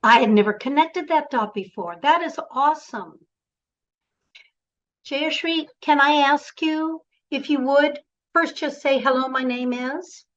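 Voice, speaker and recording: High-voiced woman coaching over a video call. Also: a little slow, muffled recording. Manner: encouraging, directive, animated. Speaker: voice and presentation coach. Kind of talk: online workshop coaching.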